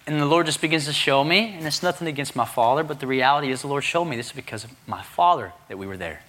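A male pastor preaching a sermon, telling a personal story in an animated way and acting out the dialogue himself. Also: medium pitch, fast. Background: congregation responding.

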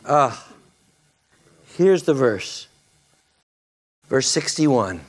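A man's voice: mid-range voice, sing-song, very slow. A male pastor preaching a sermon, dramatic and repeating phrases for emphasis.

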